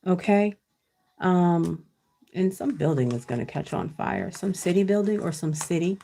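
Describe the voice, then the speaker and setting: A woman reads tarot cards live from her home computer, talking loosely and often checking in with her viewers. Her voice sits low with a gravelly rasp. A faint hiss runs under the recording. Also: expressive, a little slow, mellow. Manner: chatty, frequent "okay?" checks with viewers, casual cussing. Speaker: tarot card reader. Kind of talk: casual live tarot reading. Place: at home with her child nearby.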